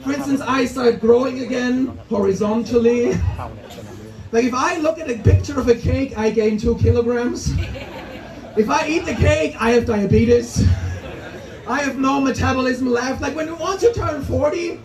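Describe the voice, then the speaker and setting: A man's voice: very high-pitched, moderate pace, darkish tone. An Austrian man in his forties doing a self-mocking stand-up set at an open mic, laughing at his own jokes. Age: 40s. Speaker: stand-up comedian. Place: comedy club open mic. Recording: echoey club room, mic heard from a distance.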